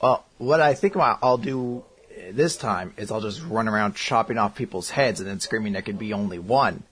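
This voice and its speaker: A podcast co-host with a lowish male voice chats casually at a normal pace, joking around as he reads listener answers aloud. He's animated and playful, slipping into silly voices whenever he quotes someone.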